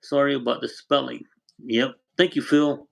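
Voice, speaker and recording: A man's voice: medium pitch, fairly even intonation, normal speed, gravelly, rough recording. Older man chatting on a home livestream. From Arizona. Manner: rambling, warm storytelling, thanks viewers by name. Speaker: livestream host. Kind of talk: casual livestream chat. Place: home with a wood stove.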